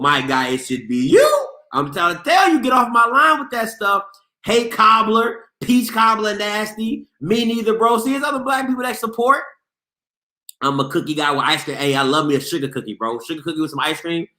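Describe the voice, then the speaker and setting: A man hosting a casual sports call-in show, playful and loud, reading the chat aloud and breaking into shouts and laughter. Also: sits high, echoey room. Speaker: sports show host taking callers.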